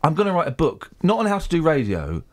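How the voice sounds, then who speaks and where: A man's voice: on the high side, huge pitch swings, fast, over a noisy crowd. A man with a southern English accent hosting a radio show, teasing and interrupting his co-presenter in playful banter. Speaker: radio host.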